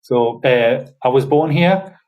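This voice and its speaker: A man's voice: mid-range voice, slow, highs cut off. A man from Newcastle with a northern English accent, a podcast guest chatting casually and hesitantly, with many fillers. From Newcastle, northeast England. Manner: hesitant, full of fillers, relaxed.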